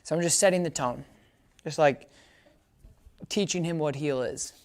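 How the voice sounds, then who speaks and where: A man giving a hands-on dog training lesson outdoors, chatting casually as he explains and calling out high, upbeat praise commands to the dog. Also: brisk.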